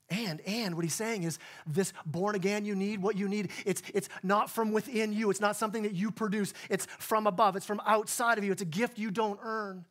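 A man's voice: high-pitched, steady tone, a little fast, few pauses, a bit bright. A male pastor giving a sermon in church, in a conversational way that keeps acting out the people in the story. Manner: conversational, plays out dialogue in voices.

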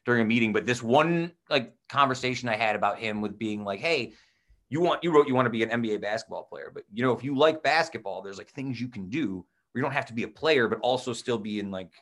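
A man's voice: mid-range voice, fast talker, fairly bright tone. Easygoing man co-hosting a chat podcast. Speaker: podcast co-host, teacher.

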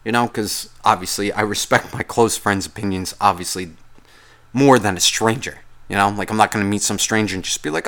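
A man's voice: fairly low pitch, a little fast, creaky, fairly bright tone. Profane rambling man ranting on a podcast. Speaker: podcast host. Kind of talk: casual ranting monologue.

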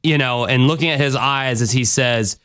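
A man's voice: mid-range voice, normal speed, a bit bright, clear, resonant tone, no echo. A man hosting a podcast in casual chat, rambling and swearing freely, with lots of fillers. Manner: rambling, profane, full of fillers. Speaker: podcast host.

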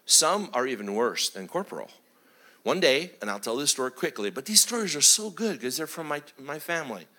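A middle-aged man, a pastor, telling family stories in a sermon, animated and chuckling as he acts out the voices. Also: mid-range voice, a little fast. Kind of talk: sermon storytelling.

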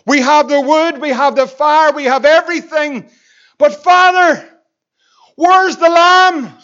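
A man's voice: very high voice, fairly even intonation, slow pace, sharp tone, muffled recording, pitched above the performer's own voice, full character voice. A man voicing a young boy who earnestly asks his father a question.

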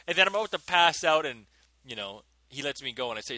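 A man in his thirties, a podcast co-host, telling stories in an animated way and laughing often. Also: mid-range voice, fast talker, no room sound. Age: 30s. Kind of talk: casual chat.

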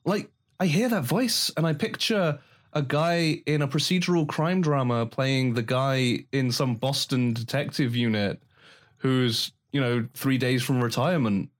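A man co-hosting a podcast in casual chat, animated and slipping into mimicked voices. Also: mid-range voice, measured pace. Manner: animated, mimics others mid-story. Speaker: podcast co-host.

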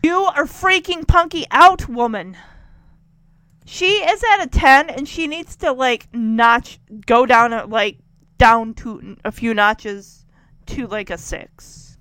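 A woman telling a chatty, animated story recap with exasperated asides. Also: on the high side, slow pace, no room sound. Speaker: tv episode recapper.

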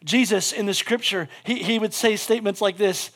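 High-voiced animated male preacher. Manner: animated, quick shifts between loud bursts and hushed asides; casual, with many "like" fillers. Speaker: pastor. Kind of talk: sermon.

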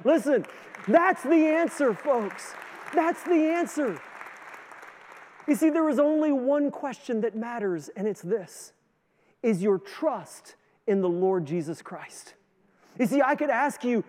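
A Canadian male pastor delivers a sermon in a fairly high voice. He swings between loud, rising emphasis and soft, low asides. The long reverb of a large hall trails behind every phrase. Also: expressive, takes it slowly, a faint crowd. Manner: preaching with strong rises and drops in loudness; sings a hymn line with the congregation.

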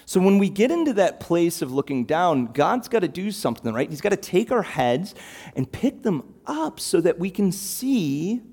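A man preaching a sermon, animated and emphatic, throwing out rhetorical questions. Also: sits high, moderate pace, husky.

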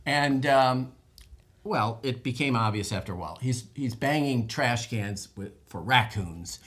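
A man's voice: mid-range voice, a little slow, a bit bright. Guy rambling thru an embarrassing story, laughing at himself, casual chat. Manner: rambling, self-deprecating storyteller. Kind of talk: anecdote in casual group chat.

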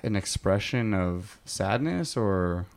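A man's voice: on the low side, lively intonation, slow pace, gravelly. A young man hosting a podcast with his father, talking in an easygoing, open way. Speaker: podcast host. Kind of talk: casual podcast chat.

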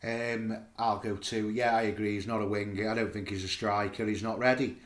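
A man's voice: lowish voice, level tone, a little fast, echoey room. A man co-hosting a casual football fan chat, blunt and exasperated as he rates the players. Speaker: podcast co-host.

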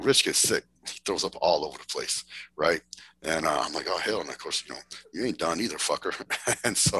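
Cast: very low, raspy man, casual podcast storyteller, swears freely. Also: pushed and bright, poor audio. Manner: laid-back drawl, swears freely, laughs through stories. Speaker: podcast guest, bodybuilder.

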